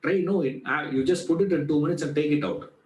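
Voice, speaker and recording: A man's voice: a little high, fast talker, darkish tone, echoey room, rough recording. A man teaching a Vedanta class in a chatty way, asking rhetorical questions and answering them. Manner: conversational, repeats "you know", asks rhetorical questions and answers them. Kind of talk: spoken class lecture.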